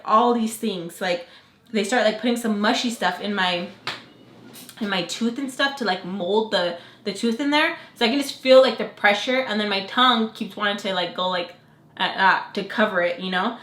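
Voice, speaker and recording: A young woman vlogger telling a story to the camera in a chatty, animated way, full of fillers. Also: mid-range voice, normal speed. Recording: echoey room.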